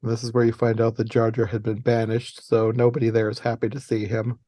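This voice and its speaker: A man hosting a casual movie podcast, retelling plot details in an animated way and laughing often. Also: fairly low pitch, no room sound, clean studio sound. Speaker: podcast host.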